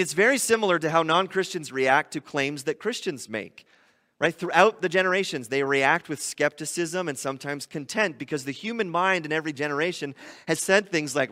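A man preaching a sermon, animated, often acting out quoted voices. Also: fairly high pitch, brisk, big-room sound. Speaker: pastor.

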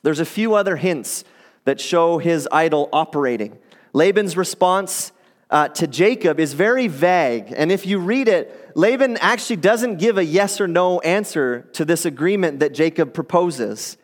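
Male pastor, high-pitched, casual animated sermon delivery, in a reverberant church hall. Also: normal speed. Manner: conversational, animated storytelling with acted quotes.

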